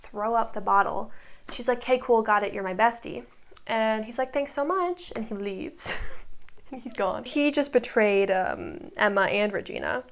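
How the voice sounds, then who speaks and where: A woman casually recapping a show in a chatty, breezy way, with quick asides as she paraphrases scenes. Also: fairly high pitch, animated. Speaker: recap vlogger.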